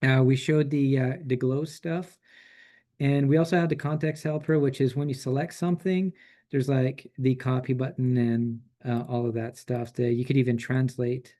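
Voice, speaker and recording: A man presenting a software tool in a relaxed, chatty way, with frequent fillers and restarts. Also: mid-range voice, moderate pace. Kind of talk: casual software demo.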